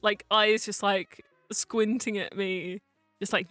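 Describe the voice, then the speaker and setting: A woman's voice: medium pitch, slow, long pauses, fairly bright tone, no room sound, faint music behind. A woman streaming as a vtuber, telling a casual story in a chatty way, full of fillers, swearing and frequent laughs.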